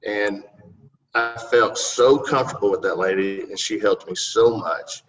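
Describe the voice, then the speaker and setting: A man's voice: lowish voice, measured pace, faint music behind. A middle-aged man, a city council candidate answering interview questions in a rambling, folksy and polite way. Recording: distant, muffled recording.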